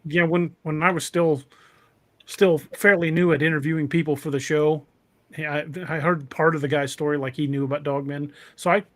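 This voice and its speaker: A man's voice: fairly high pitch, level tone, a bit bright, no echo. Stammering man on a dry podcast mic. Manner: halting, stammers and restarts often. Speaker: podcast host. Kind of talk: casual podcast conversation.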